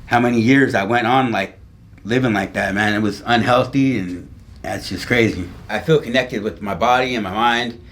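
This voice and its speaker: A man in his thirties, a patient speaking casually with his doctor, loose and relaxed, saying "man" a lot. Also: on the low side, moderate pace. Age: 30s.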